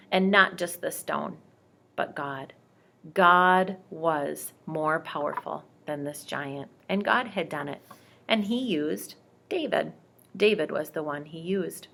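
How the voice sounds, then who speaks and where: A woman telling bible stories to a child, gentle and speaking directly to the listener. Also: sits low, slow, creaky. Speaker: storyteller reading to a child. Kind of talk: bedtime bible storytelling.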